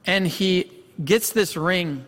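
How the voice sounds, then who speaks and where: Earnest pastor with a fairly high voice. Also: male voice, slow, fairly bright tone. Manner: earnest storytelling, emphatic repetition. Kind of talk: sermon. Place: church sanctuary. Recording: long hall reverb.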